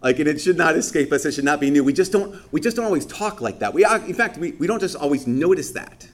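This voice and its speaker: A man's voice: fairly high pitch, lively intonation, quick pace. A man giving a conversational sermon as a priest during Mass. He talks casually with lots of fillers and acts out people's reactions.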